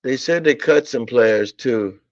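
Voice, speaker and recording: A man's voice: medium pitch, unhurried, dry recording. Blunt, ranting man with a drawl. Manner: blunt, repetitive, exasperated, profane. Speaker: sports talk streamer. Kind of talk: casual sports rant. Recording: dull lo-fi audio.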